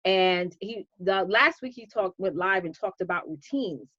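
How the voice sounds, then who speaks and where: A woman coach hosting a casual live stream, chatty and animated, greeting viewers by name. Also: medium pitch, a little slow, no room sound, highs cut off.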